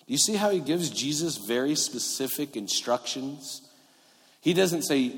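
A middle-aged man preaching a sermon as a pastor, conversational, swinging between loud emphasis and quiet asides. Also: medium pitch, lively intonation, moderate pace. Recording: long reverb of a large hall.

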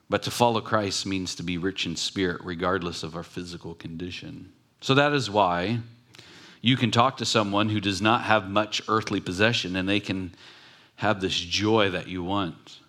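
A man's voice: low-pitched, a bit bright. A man who is a pastor, preaching a sermon in a conversational, emphatic way and repeating key phrases for weight. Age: adult with children.

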